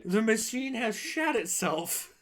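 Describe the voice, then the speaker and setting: A man's voice: high voice, takes it slowly. A young man streaming, telling a long work story casually and acting out the people in it. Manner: animated, acts out quoted people in voices.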